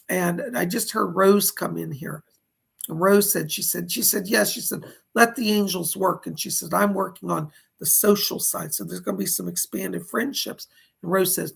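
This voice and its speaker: This psychic medium host speaks in a high-pitched, slightly rough voice full of vocal fry. During his live readings he passes along spirit messages, repeating "he said," and he reads out donations, thanking every viewer who gives.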